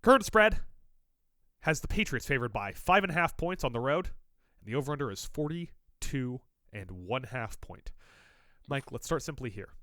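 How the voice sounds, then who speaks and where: A man's voice: medium pitch, very animated, normal speed, a bit bright, no room sound, studio quality. A man co-hosting a sports podcast, joking and teasing in casual chat, a little stuffy from allergies. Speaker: podcast co-host.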